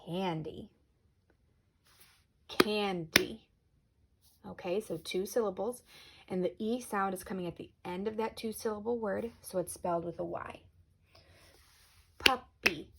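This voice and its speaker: A woman teacher giving a recorded spelling lesson to children, patient and clear, slowing down on example words. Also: mid-range voice, noisy background.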